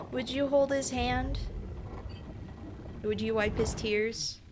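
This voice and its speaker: A young woman streaming a game, reacting with frantic screams and rushed, apologetic chatter. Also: on the high side, fairly even intonation. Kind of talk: live gameplay commentary. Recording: noisy stream mic that clips on screams.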